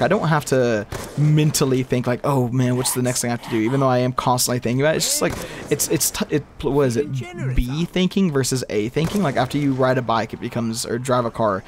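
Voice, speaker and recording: A man's voice: medium pitch, a little hiss or hum. A young man giving rambling live commentary over his own gameplay, talking to himself and breaking into exasperated outbursts. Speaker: gaming video creator.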